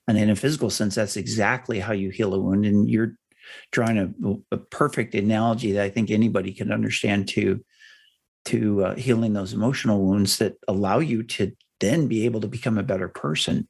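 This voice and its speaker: A middle-aged man hosting an interview podcast, explaining ideas in a measured, thorough way. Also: fairly low pitch, fairly even intonation, gravelly, a little mellow, breathy edge. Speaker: podcast host. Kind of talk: interview conversation.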